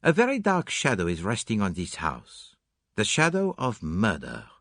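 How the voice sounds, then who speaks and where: A man voicing a fussy, theatrical detective who speaks slowly and pointedly in an audiobook. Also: lowish voice, wildly swooping pitch, a bit bright, no echo, clean studio sound, exaggerated voice. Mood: grave, pointed. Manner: slow, deliberate, pointed.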